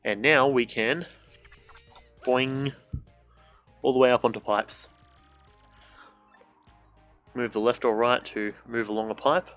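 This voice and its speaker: A man's voice: mid-range voice, fairly even intonation, takes it slowly, long pauses, fairly bright tone, soft background music. A young man streaming a video game from a room at home, casual let's-play commentary, joking, swearing and making silly sound effects.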